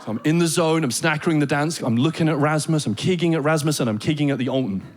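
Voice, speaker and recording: A British man doing a stand-up comedy set on a theater stage, telling animated stories full of comic voices and mock Danish. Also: on the high side, fast. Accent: British English. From Britain. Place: theater stage before a live audience.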